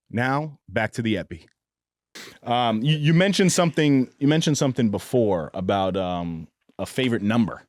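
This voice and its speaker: A man's voice: mid-range voice, animated, moderate pace, darkish tone, no room sound, studio quality. A man hosting a podcast, chatting casually and playfully, laughing often. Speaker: podcast host. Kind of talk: casual interview chat.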